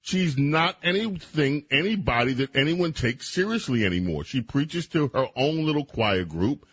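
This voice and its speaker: A man's voice: mid-range voice, animated, normal speed, fairly bright tone, husky, no echo. A middle-aged man hosting a radio talk show, giving opinionated, emphatic commentary with mocking asides.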